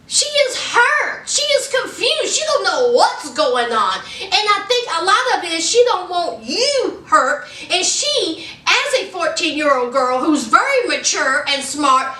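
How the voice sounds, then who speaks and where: A sassy woman vlogger recapping a reality show, direct and scolding, with a high, lively, bright voice. She talks at an unhurried pace. The mic sits far off in an echoey room. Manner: sassy and direct, scolding with "honey", "y'all", "okay?". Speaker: reality TV reviewer. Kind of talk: casual recap vlog.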